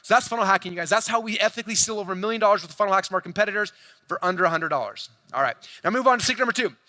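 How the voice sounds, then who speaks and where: Energetic male convention keynote speaker in his 40s, rapid pitch-heavy delivery, high-pitched and punchy. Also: dry recording. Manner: fast, hyped, addresses crowd directly, acts out quoted dialogue. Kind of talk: energetic stage presentation. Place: large convention hall stage.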